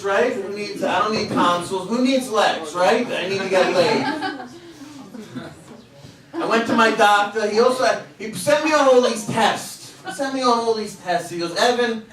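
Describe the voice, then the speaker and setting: Man, 40s, stand-up comic, self-deprecating punchlines, echoey club recorded from afar, loud crowd laughter. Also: high voice, moderate pace, far from the mic. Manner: punchy self-deprecating delivery with act-out voices. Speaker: stand-up comedian. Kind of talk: stand-up comedy set. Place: comedy club stage. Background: audience laughter.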